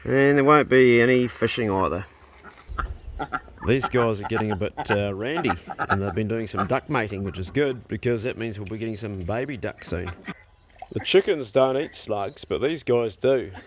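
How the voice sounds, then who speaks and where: Filming a farm vlog outside on his phone, a vlogger with a New Zealand accent chats in an easygoing way and speaks to his animals as he goes. His voice sits on the low side at a normal speed, against a noisy background.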